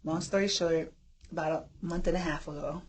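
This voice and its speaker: A woman's voice: sits low, steady tone, moderate pace, noisy background. A woman in her thirties co-hosting a casual podcast chat, telling a story animatedly, acting out quotes and swearing freely. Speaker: podcast co-host.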